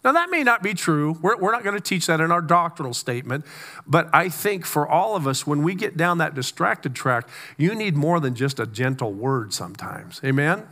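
Bright-voiced preaching man. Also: fairly high pitch, big pitch swings. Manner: conversational, with stammered restarts and slow, weighty emphasis. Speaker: pastor. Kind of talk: sermon.

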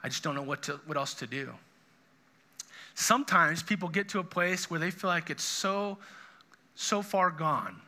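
A man's voice: a little high, moderate pace, long pauses, pushed and bright. A middle-aged man, a pastor, preaching a sermon in an earnest, conversational way with frequent restarts.

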